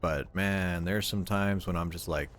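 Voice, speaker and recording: A man's voice: sits low, fairly even intonation, unhurried, a bit bright. A young man streaming and chatting casually, rambling and repeating his words as he goes. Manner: rambling, repeats words, quotes family in voices. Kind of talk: casual chat.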